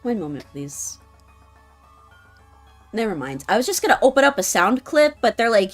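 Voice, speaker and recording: A woman streamer chatting casually and reading game text aloud, in a giddy, gushing, animated way. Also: mid-range voice, moderate pace, pauses often, faint music behind.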